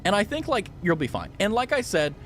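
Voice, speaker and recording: Animated young man telling a rambling story. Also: sits high, a little fast, a little hiss or hum. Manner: rambling storytelling with frequent swearing and restarts; animated, loud laughs. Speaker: streamer. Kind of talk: casual chat while gaming.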